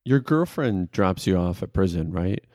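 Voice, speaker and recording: Deep-voiced man asking questions, dry mic. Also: animated, moderate pace, a little mellow, no room sound. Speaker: interviewer. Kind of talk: casual interview questions.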